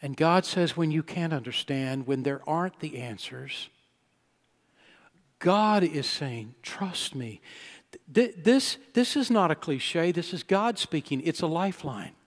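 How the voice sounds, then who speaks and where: A man's voice: fairly high pitch, expressive, unhurried. Preacher man with ringing hall reverb. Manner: storytelling preacher, swelling to loud emphatic peaks. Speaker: pastor. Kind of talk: sermon. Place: church sanctuary. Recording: long church-hall reverb.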